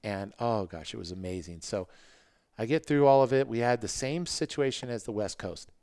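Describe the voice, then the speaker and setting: Animated middle-aged man telling stories. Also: fairly low pitch, no echo, clean studio sound. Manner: animated, acts out his own past thoughts in quick quoted asides. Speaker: podcast guest, former motocross racer. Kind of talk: casual storytelling.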